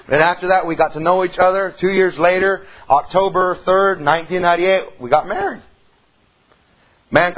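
A middle-aged man preaching a sermon in church, telling a folksy story and swinging from soft to loud. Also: high voice, slightly rough, muffled recording. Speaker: pastor.

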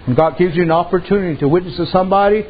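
Folksy preacher man with a high voice. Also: rapid-fire, slightly rough. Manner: folksy, conversational, rising when stirred. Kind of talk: sermon with storytelling. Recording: dull lo-fi with faint hiss.

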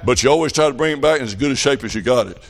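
A man's voice: mid-range voice, lively intonation, racing. A middle-aged man preaching a revival sermon, telling folksy stories that rise to fervent calls.

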